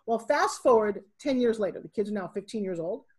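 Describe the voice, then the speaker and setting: Husky, animated middle-aged woman. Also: medium pitch, a little fast. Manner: animated storyteller, acting out quotes. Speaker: podcast guest, entrepreneur. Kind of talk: casual interview.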